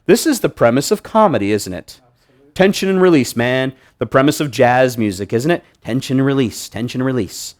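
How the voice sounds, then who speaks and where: A man's voice: mid-range voice, fairly quick. A man presenting a hypnosis demonstration to a live audience, joking with volunteers and restarting his sentences often. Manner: joking, animated, many restarts. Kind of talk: live stage demonstration talk. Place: meeting room with audience.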